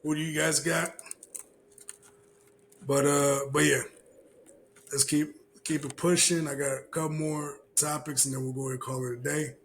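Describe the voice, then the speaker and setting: A man's voice: on the high side, little pitch movement, normal speed, pauses often, a little hiss or hum, poor audio. A man hosting a casual podcast, ranting in a heated, profane way and repeating himself. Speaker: podcast host.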